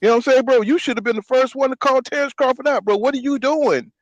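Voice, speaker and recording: High-voiced man ranting about boxing. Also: fast, dry recording, lo-fi sound. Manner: ranting, repeats "you know what I'm saying". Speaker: podcast host. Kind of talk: heated casual boxing talk.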